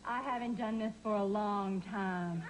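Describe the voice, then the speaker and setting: A woman's voice: mid-range voice, unhurried, heavy background noise, close to an everyday voice. An actor playing a repressed woman in a studio sitcom, coy and blunt. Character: repressed woman turning boldly forward. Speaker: sitcom character, a lonely divorcee on a date.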